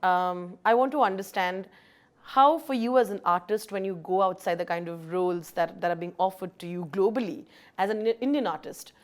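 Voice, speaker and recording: Brief: female interviewer, mid pitch, halting questions, lots of ums.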